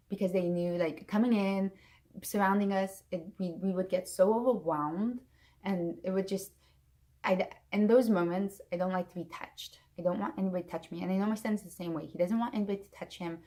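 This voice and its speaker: Emotional woman vlogger, low voice. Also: a little mellow. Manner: emotional, rambling retelling with many restarts and quoted dialogue. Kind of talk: casual storytelling to camera.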